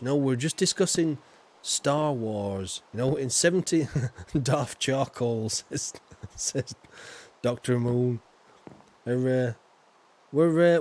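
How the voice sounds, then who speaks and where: A man's voice: medium pitch, darkish tone. A man with a Yorkshire accent streaming a building game, chatting casually with viewers in a rambling way, full of little asides. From Yorkshire, England. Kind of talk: casual gaming chat.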